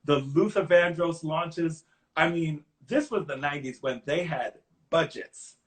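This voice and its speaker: A middle-aged man, a songwriter guest in an interview, telling lively anecdotes and acting out other people's lines, earnest and openly emotional when he reflects. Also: fairly high pitch, a little slow. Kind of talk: conversational interview storytelling.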